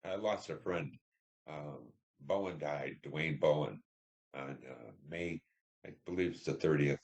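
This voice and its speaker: Very deep-voiced older veteran man. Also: a little mellow. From Detroit, Michigan. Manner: halting, reflective storytelling with many fillers. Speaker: Vietnam veteran interviewee. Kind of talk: oral history interview.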